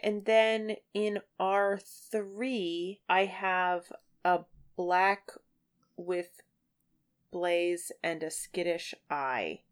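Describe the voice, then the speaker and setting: A woman co-hosting a relaxed podcast conversation. Her voice sits low and she talks at an unhurried pace. She is chatty and loose, with plenty of fillers. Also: clean tone. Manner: chatty, uses many fillers. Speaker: podcast co-host. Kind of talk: casual chat and reading aloud.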